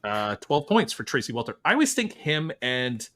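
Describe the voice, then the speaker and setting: Male podcast host, bright timbre, chatty, keeps score with easy banter. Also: mid-range voice, very animated, normal speed. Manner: upbeat, running scores and banter. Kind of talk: casual game-show chat.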